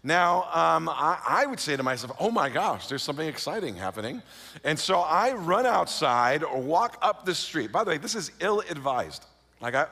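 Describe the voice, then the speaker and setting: A middle-aged man from California tells a personal story, stumbling through fillers and restarts and then acting out the voices he quotes. His tone is bright and sharp, sitting a bit high for a man. A long hall reverb trails every line. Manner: lively, self-mocking, many fillers and restarts, acts out quoted voices. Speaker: speaker.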